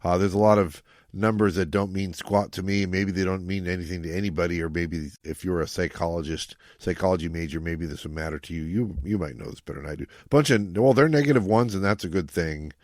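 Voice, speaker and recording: A man's voice: sits low, a little fast, hardly any pauses, darkish tone, no room sound, studio quality. A man co-hosting a podcast, talking through a novel in a loose, rambling way with many fillers. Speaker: podcast co-host. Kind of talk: casual book discussion.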